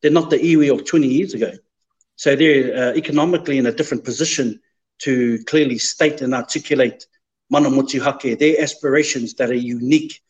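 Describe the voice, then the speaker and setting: A man, a guest in an interview, speaking in a measured, thoughtful way and mixing te reo Māori words into his English. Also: medium pitch. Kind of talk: reflective interview talk. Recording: slightly dull, lo-fi sound.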